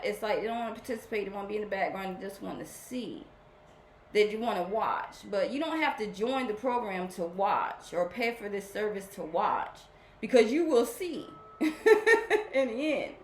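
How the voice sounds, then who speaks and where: A woman with a mid-range voice hosts a spiritual program, talking warmly and casually to her followers. She rambles and often repeats herself, and the sound is reverberant with slight background noise.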